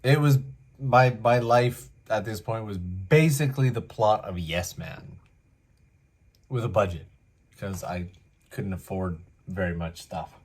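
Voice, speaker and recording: A man from Canada telling a story casually, lively and full of asides, as host. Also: fairly low pitch, measured pace, breathy edge. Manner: animated, acts out voices, many asides.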